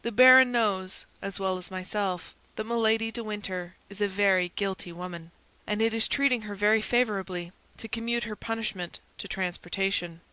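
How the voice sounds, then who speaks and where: A woman's voice: medium pitch, steady tone, moderate pace, pushed and bright, clean tone, no echo, lightly acted, poor audio. A woman reading the part of a proud, haughty English duke in an audiobook, her voice lifted and indignant. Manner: imperious, indignant.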